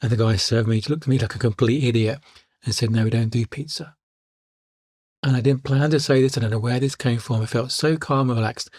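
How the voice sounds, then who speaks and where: A man, a life coach telling calm personal stories in a reflective podcast monologue and repeating his key lines. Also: medium pitch, quick pace, no room sound, clean studio sound.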